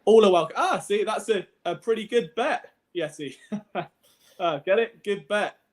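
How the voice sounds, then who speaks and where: A man's voice: sits high, measured pace. A young Englishman hosting a casual livestream chat, playful and prone to giggling. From England. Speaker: podcast host.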